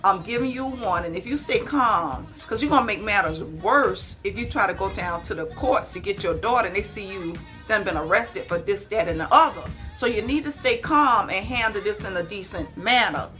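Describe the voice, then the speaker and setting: A woman voicing a calm, firm male officer, speaking in measured warnings. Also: mid-range voice, faint music behind. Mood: stern.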